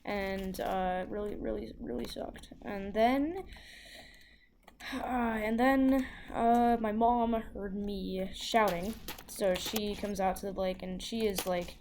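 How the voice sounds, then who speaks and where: A woman tells a story in a loose, rambling way, with lots of "like" and false starts. Her voice sits at an ordinary middle pitch. A faint hiss runs underneath. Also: slow, darkish tone. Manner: rambling, full of "like" and restarts. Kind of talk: casual storytelling.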